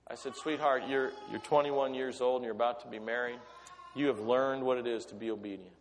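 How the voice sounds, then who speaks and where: A man's voice: medium pitch, fairly even intonation, brisk, faint music behind. Storytelling preacher man in a reverberant hall. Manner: storytelling with acted voices, conversational. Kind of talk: sermon.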